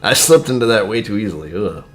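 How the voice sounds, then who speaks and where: A man's voice: on the low side, very animated, fast, fairly bright tone, faint music behind. A man streaming a casual whiskey tasting, rambling to his viewers and muttering asides that sink to near-whispers. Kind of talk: casual livestream chat.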